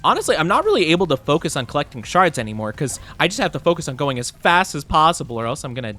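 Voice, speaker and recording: A male VTuber streamer giving casual live gameplay commentary, bubbly and excitable, giggly and rambling with lots of fillers. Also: on the high side, quick pace, faint music behind.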